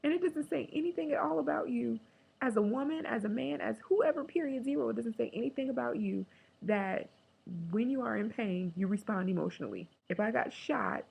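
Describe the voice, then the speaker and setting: A woman talking candidly in a casual video diary, emotional and joking, sometimes breaking into a squeaky high chant. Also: fairly quick, gravelly, a little mellow, slightly rough, poor audio. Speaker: vlogger.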